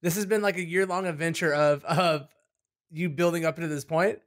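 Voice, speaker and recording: A man's voice: on the high side, fairly even intonation, normal speed. A man co-hosting a podcast in casual chat, teasing and laughing often, with short replies. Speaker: podcast co-host.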